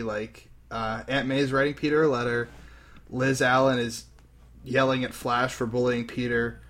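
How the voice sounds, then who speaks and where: Animated young man retelling a comic. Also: mid-range voice. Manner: animated retelling, acts out characters in quick put-on voices. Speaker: podcast host recapping a comic. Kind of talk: casual chat.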